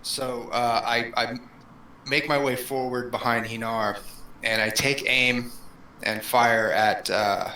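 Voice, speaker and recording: A man playing in a tabletop game, asking eager, quick questions. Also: medium pitch, steady tone, sharp tone, a little hiss or hum. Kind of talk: casual game chat. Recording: echoey room.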